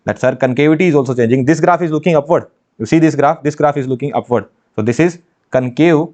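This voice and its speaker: A man with a fairly high, darkish voice speaks fast while teaching engineering maths in an online exam-prep lecture. He is emphatic, repeats phrases and poses rhetorical questions. The audio sounds dull and lo-fi.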